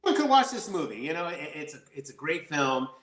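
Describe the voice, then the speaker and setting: A man being interviewed as an actor, talking in a rambling, excitable way and laughing easily. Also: on the high side, fast talker, echoey room. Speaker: actor guest. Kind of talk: casual interview chat.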